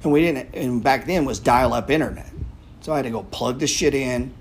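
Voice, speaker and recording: A man's voice: mid-range voice, a little fast, slightly rough. A man hosting a live audio chat room, talking casually in a blunt, profane, rambling way. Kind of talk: casual talk.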